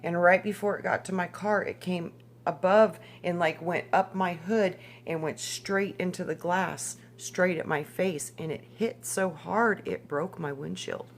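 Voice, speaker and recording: A woman reading scripture and telling personal stories casually, often saying "literally" and "like" and reading haltingly as she goes. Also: on the low side, fairly even intonation, slight background noise.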